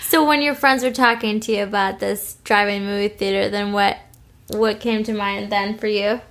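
A woman's voice: medium pitch, fairly even intonation, moderate pace, a bit bright. A woman conducting an interview, asking short, curious follow-up questions. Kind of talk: conversational interview.

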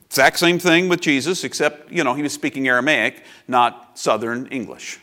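A man's voice: medium pitch, fairly even intonation, moderate pace, few pauses, pushed and bright. A man in his fifties preaching a sermon as pastor, reflective and confessional, with personal asides.

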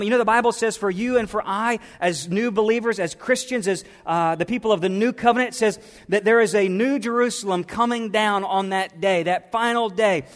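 A man preaching a sermon as pastor, swinging between soft, drawn-out phrases and emphatic, raised lines. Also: sits high, big-room sound.

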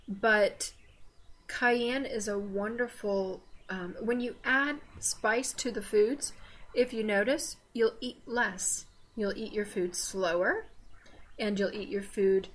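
A woman with a Southern American accent co-hosting a casual faith podcast, chatty and digressive with teasing asides. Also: mid-range voice. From Southern United States. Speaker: podcast co-host.

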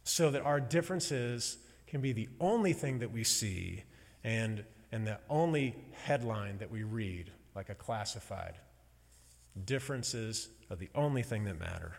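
Halting, heartfelt man in a hall. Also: on the low side, creaky. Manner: slow, halting, emotional storytelling with pauses. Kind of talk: personal sermon to a congregation. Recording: long hall reverb.

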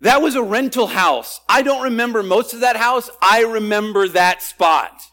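A male pastor preaching a sermon expressively, swinging between loud emphasis and quiet asides. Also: high voice, moderate pace.

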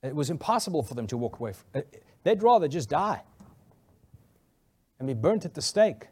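Guy pastor telling a funny story in a sermon, kinda high voice, lots of laughing. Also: moderate pace, breathy edge. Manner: animated, laughs often while telling a story.

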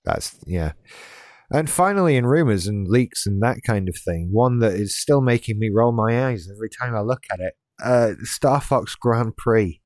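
Here a late-thirties podcast co-host talks at a moderate pace with lively intonation, his voice darkish and on the low side. He chats casually and rambles in a relaxed way, restarting and adding wry asides. The clean studio sound has no room sound.

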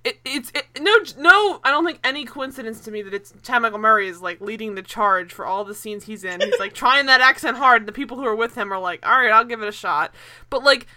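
A young woman casually chatting as a podcast co-host, animated and laughing, rambling with fillers and the odd swear word. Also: a little high, quick pace, few pauses. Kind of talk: casual chat.

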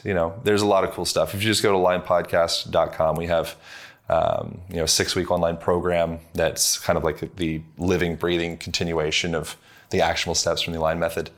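A man's voice: low-pitched, level tone, fairly quick. A man speaking as a podcast guest, explaining things in a loose, rambling way with lots of fillers. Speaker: podcast guest, movement coach. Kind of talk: conversational interview.

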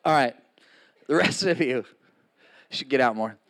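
A man's voice: mid-range voice, animated, unhurried, vocal fry, fairly bright tone. A man in his sixties preaching a sermon to a congregation, casual and joking, with frequent asides to the audience. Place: in front of a live congregation.

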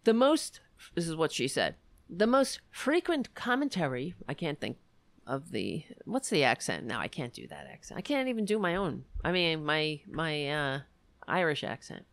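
A woman's voice: low voice, sing-song, normal speed, creaky, fairly bright tone, no echo. A woman hosting a livestream, reading news articles aloud and commenting on them with sarcastic, profane remarks. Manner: sarcastic and profane, with frequent self-interruptions. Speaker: livestream host.

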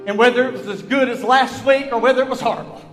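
A male pastor preaching a sermon in a church, swinging between shouted passages and hushed ones. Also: very high-pitched, steady tone, fast talker. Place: church sanctuary. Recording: long hall reverb with faint music.

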